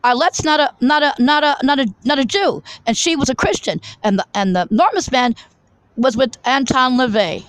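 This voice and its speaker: A woman's voice: sits high, moderate pace, no room sound, low-quality recording. A woman giving a rambling, fervent monologue to her viewers from a coffee shop, with many restarts and stammered repeats. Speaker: vlogger.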